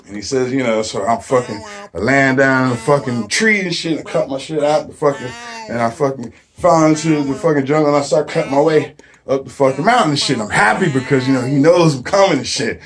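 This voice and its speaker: A man's voice: mid-range voice, brisk. A man telling a comic story in a rambling way, with heavy swearing and frequent fillers. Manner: rambling, heavy swearing, frequent "you know what I mean". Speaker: comedic storyteller. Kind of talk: profane comedic storytelling.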